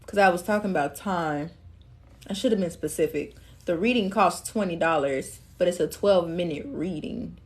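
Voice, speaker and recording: A woman's voice: lowish voice, normal speed. Chatty woman giving a live tarot reading. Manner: casual, chatty, laughs often, calls listeners love and queen. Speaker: tarot reader.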